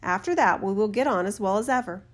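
A woman voicing a worried old woodcutter father in a storybook reading, speaking slowly in a lowered voice. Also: close to an everyday voice. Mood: cautioning. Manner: slow, lower, cautioning.

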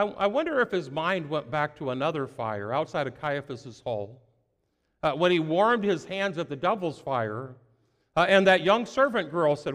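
A man preaching a sermon in an earnest, halting way, full of fillers and repeated words. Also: sits high, fairly bright tone, big-room sound.

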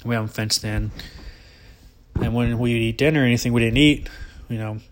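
A man's voice: medium pitch, steady tone, fairly quick, background noise. Rambling man telling a story. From Alabama, US. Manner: rambling, profane, laughing often. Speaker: vlogger. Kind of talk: casual storytelling.

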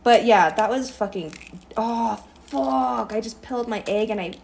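A woman's voice: on the high side, expressive, moderate pace, slight background noise. A young woman rambling through a profane, self-mocking storytime while she cooks breakfast in her kitchen. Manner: chatty, profane, self-deprecating. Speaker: vlogger. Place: home kitchen.

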